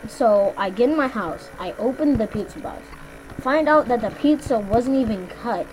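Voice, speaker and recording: A woman's voice: on the high side, lively intonation, normal speed, a little mellow, slight background noise, low-quality recording. A young woman co-hosting a gaming video in casual chat, rambling through stories with lots of "like" and "basically" and swearing freely.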